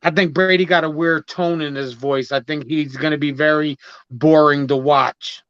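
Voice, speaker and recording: A man's voice: fairly high pitch, fairly even intonation, moderate pace, fairly bright tone, clear, resonant tone, dry recording. Blunt man, dry lo-fi audio. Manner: blunt, dismissive remarks. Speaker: podcast co-host. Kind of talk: casual sports chat.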